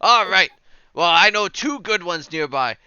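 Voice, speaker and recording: A man runs a tabletop game in a lively, bright, clear voice, narrating scenes casually with plenty of fillers. The sound is dry and slightly dull, as if from a lo-fi mic. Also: sits high, measured pace. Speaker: game master.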